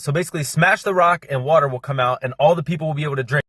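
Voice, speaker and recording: A young man explaining a Bible story in a fast, casual, slangy monologue, cramming it in with lots of energy. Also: on the high side, fairly bright tone, dry recording, studio quality. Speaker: Christian content creator.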